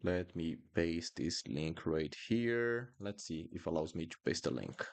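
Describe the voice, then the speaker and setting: A man's voice: low-pitched, expressive, measured pace, creaky. A man with a Brazilian accent, a native Portuguese speaker, teaching pronunciation in a live online lesson and patiently repeating words for drills.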